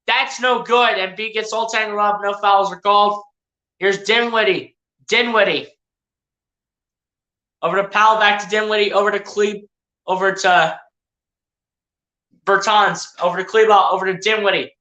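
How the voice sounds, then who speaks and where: A bright-toned streamer calls a basketball game play by play in a loose, casual way, talking straight to the players and to the chat. Mid-pitched and a little hedging, sometimes correcting names on the fly, heard in a roomy, echoey space. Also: fairly even intonation, moderate pace, long pauses. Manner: chatty, addresses players and viewers directly, self-correcting. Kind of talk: casual live play-by-play commentary.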